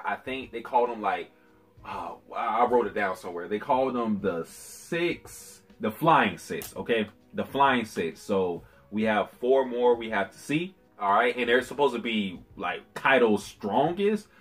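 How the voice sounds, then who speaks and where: A man with a husky voice reviewing anime chapters in a casual vlog, animated, slangy and profane. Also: medium pitch.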